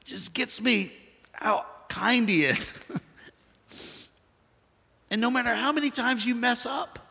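An older man preaching a sermon, folksy and jokey, swinging from hushed asides to shouting. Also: very high-pitched, slow, vocal fry, husky, long reverb tail. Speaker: pastor.

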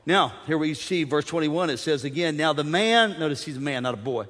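A male pastor preaches with lively, joking energy and keeps calling on his congregation to answer him. His voice sits high and bright. It rings out with the long reverb of a big church hall. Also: fairly quick. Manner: energetic preaching with audience call-outs and humor. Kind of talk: sermon. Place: church sanctuary.

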